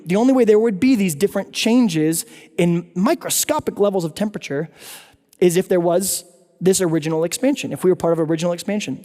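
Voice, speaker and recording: Casting: male lecturer, high mellow voice, chatty slide talk with quips, long church-hall reverb. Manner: chatty, with joking asides. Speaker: apologetics forum speaker. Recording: echoey hall.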